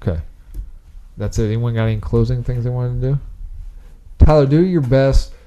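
A man hosting a casual podcast from a basement, rambling and excitable and often laughing. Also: mid-range voice, normal speed. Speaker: podcast host. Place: parents' basement.

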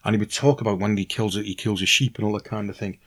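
A man's voice: fairly low pitch, fast talker. Earnest Welsh man, chatty novelist. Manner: lively and earnest, many restarts and "you know"s. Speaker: novelist guest. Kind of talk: casual conversational interview.

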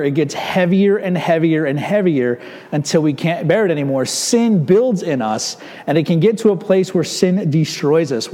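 Man, pastor, sermon, conversational asides, slightly high voice, long church-hall reverb. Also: warm tone. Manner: conversational, with rhetorical asides to the congregation.

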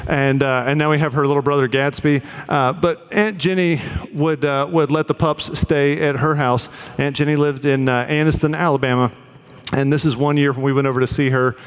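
An earnest male pastor preaches in a slightly high voice, talking plainly with the odd filler. His words ring out through a large hall with a long reverb. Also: fairly even intonation, normal speed, clean tone. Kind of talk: sermon.

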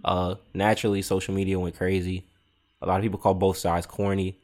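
Deep new guy hosting a podcast, runs down the news then asks questions. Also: little pitch movement, fast talker, a little mellow. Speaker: podcast host reading news. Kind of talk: casual hip-hop podcast chat.

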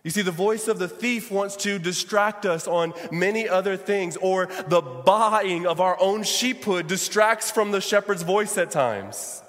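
A man's voice: sits high, a little slow, few pauses, a bit bright. A man preaching a sermon as pastor, calling out to his congregation. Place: church sanctuary. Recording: long church reverb.

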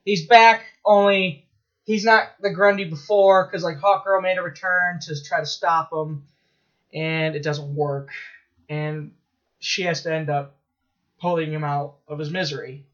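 Rambling excitable male podcaster, high voice, dull lo-fi sound. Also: measured pace. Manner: rambling, excitable storytelling with laughs and profanity. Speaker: podcast co-host. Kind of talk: casual chat.

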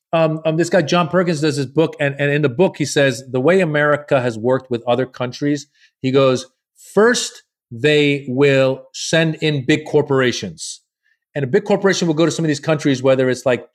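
A man, a comedian guest, telling a long story in a casual podcast chat, acting out the people he quotes in a loose, profane way. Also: a little high. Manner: animated, acts out quoted people.

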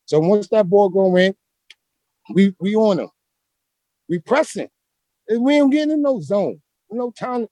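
New man, high voice, dry booth sound, rambling slangy guest. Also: a little slow, long pauses, no echo. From Brooklyn, New York. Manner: animated, slangy, rambling street talk. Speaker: interview guest, former street basketball player. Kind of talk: casual storytelling interview.

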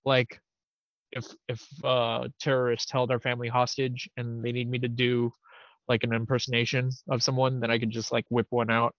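Hushed, low-key man, dull dry sound. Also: completely flat delivery, normal speed, dry recording. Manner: hushed, low-key delivery that breaks into laughter. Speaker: podcast co-host. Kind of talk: casual chat.

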